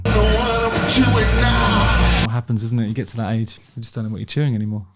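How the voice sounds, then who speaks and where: Loud music plays behind this man as he talks briskly in a mid-range voice, reacting to concert footage with casual, opinionated remarks. He's talkative and profane, frequently restarts his sentences, and laughs along.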